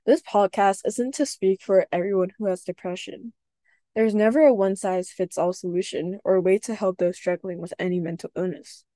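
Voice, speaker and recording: Soft, earnest young woman, mellow tone. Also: medium pitch, steady tone, normal speed, dry recording. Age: young adult. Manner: soft-spoken, earnest, with hesitant restarts. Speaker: podcast host. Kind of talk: personal reflective podcast talk.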